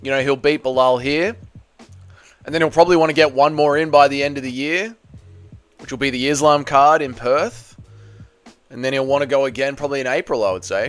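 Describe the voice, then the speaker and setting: A man's voice: on the high side, no echo. Swearing young man hosting a livestream. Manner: excitable, swearing, loud bursts when reacting to chat. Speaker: livestream host. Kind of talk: casual livestream chat reading comments.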